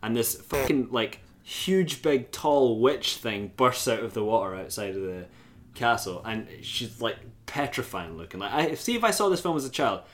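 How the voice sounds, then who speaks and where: A man co-hosting a casual podcast, blunt and sweary, quick to laugh. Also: mid-range voice, expressive, slight background noise. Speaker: podcast co-host. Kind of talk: casual chat.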